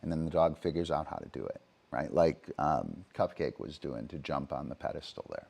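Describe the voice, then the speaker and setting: A man's voice: rumbling low, normal speed, creaky, darkish tone, breathy edge. A man livestreaming as a dog trainer, explaining his methods casually with frequent fillers and "right?" checks.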